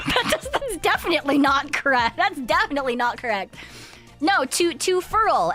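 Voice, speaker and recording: High, bright young woman streamer, giggly. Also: big pitch swings, moderate pace, soft background music. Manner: giggly, swears a lot, rambling and playful. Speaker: VTuber streamer. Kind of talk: casual live-stream chat.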